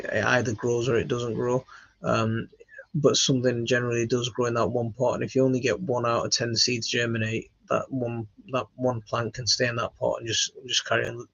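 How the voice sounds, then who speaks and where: Gravelly man chatting about gardening. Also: mid-range voice, a bit bright, no echo. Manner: halting, reading out comments with many fillers. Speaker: channel host answering viewer questions. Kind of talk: casual live Q&A chat. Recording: dull lo-fi, dry.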